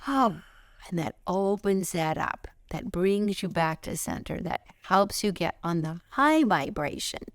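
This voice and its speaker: Middle-aged woman, spiritual teacher outdoors; low and gravelly, close and dry, animated with hushed asides. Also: unhurried, few pauses, dry recording. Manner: expressive, swings into high excited bursts and soft whispers. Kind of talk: spiritual lesson talk.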